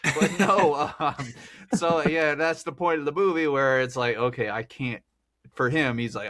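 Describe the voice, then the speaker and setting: A man's voice: a little high, measured pace, bright, forceful tone. A man hosting a podcast, talking through a film in a rambling, chatty way and laughing often. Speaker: podcast host. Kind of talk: casual film discussion.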